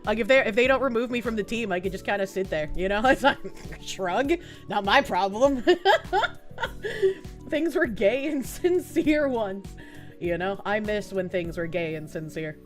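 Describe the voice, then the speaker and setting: Faint music plays under a young adult woman's live stream as she reads chat aloud, her medium-pitched voice animated yet a little slow. She speaks casually, curses a lot and swings between soft mumbling and sudden loud outbursts.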